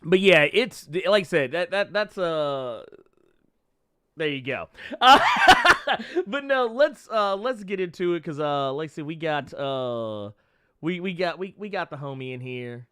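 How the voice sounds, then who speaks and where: Animated, stammering male podcast host. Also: on the high side, measured pace, smooth. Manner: rambling, stammering restarts, laughs often. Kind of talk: casual interview chat.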